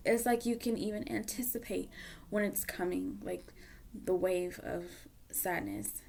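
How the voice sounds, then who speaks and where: A woman's voice: medium pitch, very animated, measured pace, creaky, a little mellow, a little hiss or hum. A woman giving a casual tarot reading to camera, candid and emotional, dropping at times into a near whisper. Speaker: tarot reader.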